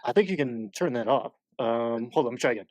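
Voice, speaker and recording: A man's voice: medium pitch, expressive, fast talker, no room sound. A man playing a tabletop game, laid-back and dryly joking. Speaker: player. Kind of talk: casual tabletop role-play chat.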